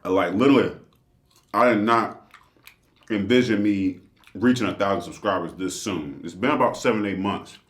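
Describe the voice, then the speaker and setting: A man with a low voice talks casually to his viewers, upbeat and chatty as he eats. His voice bounces around a roomy indoor space. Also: moderate pace, pauses often. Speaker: channel host. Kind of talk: casual vlog talk to viewers. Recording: roomy echo.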